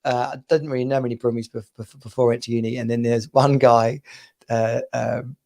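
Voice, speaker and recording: A man's voice: mid-range voice, flat delivery, brisk, gravelly, warm tone. A man from the UK in his thirties, hosting a casual podcast chat and rambling through stories between laughs. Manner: rambling, chatty storyteller who laughs often. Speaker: podcast host.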